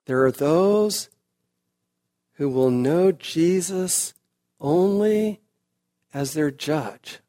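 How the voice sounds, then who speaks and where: Brief: male preacher, slightly high voice, slow deliberate delivery, emphatic sermon style. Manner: slow, emphatic preaching that rises to loud peaks. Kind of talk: expository sermon.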